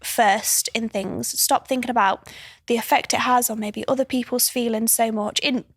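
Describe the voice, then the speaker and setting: A woman's voice: a little high, fairly even intonation, moderate pace, slightly rough, no echo, clean studio sound. A woman in her twenties, a podcast guest who tells stories in a chatty way and laughs as she talks. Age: 20s. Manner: chatty, laughs through stories, frequent restarts and likes. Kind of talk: casual chat, storytelling.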